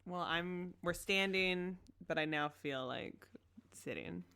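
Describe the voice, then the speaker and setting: A woman's voice: fairly low pitch, takes it slowly, sharp tone, clear, resonant tone, dry recording. A woman co-hosting a podcast in casual chat, with dry, wry remarks. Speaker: podcast co-host.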